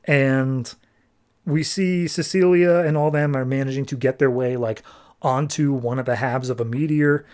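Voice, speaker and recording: A man's voice: medium pitch, steady tone, normal speed, a little mellow. A young man hosting a podcast, recapping a comic book in a loose, chatty way and acting out characters' lines. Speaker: podcast host.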